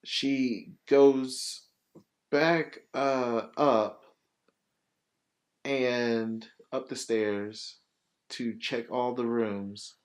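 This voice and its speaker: A man hosts a casual podcast, telling a movie plot with lots of fillers and cursing. His pitch sits in the middle range for a man. The delivery is loose and animated. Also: very slow, pauses often. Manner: rambling, profane, animated storytelling with many fillers. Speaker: podcast host.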